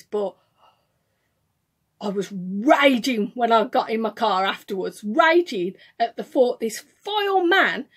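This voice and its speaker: A woman with a Birmingham accent telling a story to camera in an indignant, animated way, acting out what was said. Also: high voice. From England. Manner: indignant, animated retelling with acted quotes. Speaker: vlogger.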